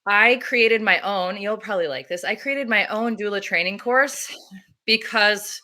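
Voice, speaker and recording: Woman doula, chatty interview guest, bright clear tone, laughs through her anecdotes. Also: medium pitch, unhurried. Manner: animated, laughs often, acts out her own quotes. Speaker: doula and activist. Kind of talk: casual interview storytelling.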